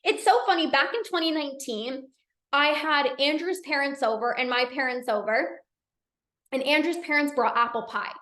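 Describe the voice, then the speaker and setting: A woman coach talking casually in a live session, energetic and chatty with many restarts. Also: sits high, moderate pace, reverberant. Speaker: binge eating coach hosting a live session. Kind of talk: casual live-stream talk.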